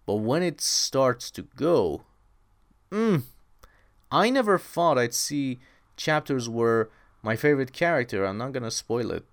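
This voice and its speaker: A young man hosts his own podcast in an easygoing, rambling way, piling up repeated words when he gets excited. His voice is smooth and resonant and swings animatedly up and down. The sound is dry and close, with no room around it. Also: mid-range voice, unhurried, no room sound. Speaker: podcast host. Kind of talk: casual solo podcast chat.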